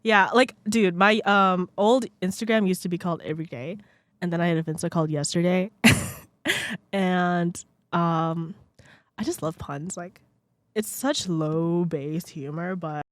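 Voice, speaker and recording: A woman's voice: a little slow, dry recording. A young woman hosting her own podcast, rambling and self-deprecating in casual chat, filling every sentence with "like" and drifting off the microphone now and then. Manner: lively swings in pitch and loudness. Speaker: podcast host. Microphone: podcast microphone, sometimes speaking away from it.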